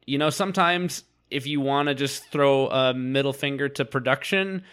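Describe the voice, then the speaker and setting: A man's voice: medium pitch, fairly bright tone, smooth. Thoughtful man on a podcast. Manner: thoughtful, reasoned, slightly halting. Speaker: podcast co-host. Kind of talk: casual podcast recap chat.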